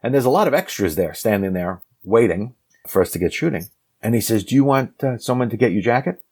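A man telling a lively anecdote from his acting career as a guest, acting out the people he quotes. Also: on the low side, brisk, slightly rough. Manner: animated storyteller acting out quoted lines. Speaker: actor telling a story as guest. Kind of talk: casual anecdote.

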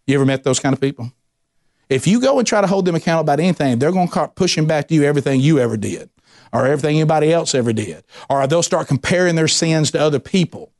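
A male pastor delivering a sermon in a lively, conversational preaching style. He restarts phrases and stacks repetitions as he builds a point, and his voice climbs in pitch whenever he leans into an emphasis. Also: fast. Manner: animated preaching with frequent restarts and rising emphasis.

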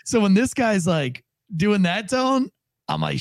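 Man, higher voice, rambling podcast co-host, dry close sound. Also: animated, unhurried, vocal fry, no echo. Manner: rambling, restarts a lot, acts out quoted tones. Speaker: podcast co-host, former police officer. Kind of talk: casual podcast chat.

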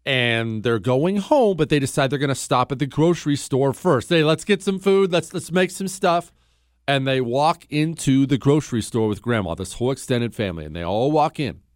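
Man, radio host, mid-pitched, emphatic opinionated monologue, dead-dry studio mic. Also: expressive, moderate pace, no room sound. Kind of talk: call-in talk radio monologue.

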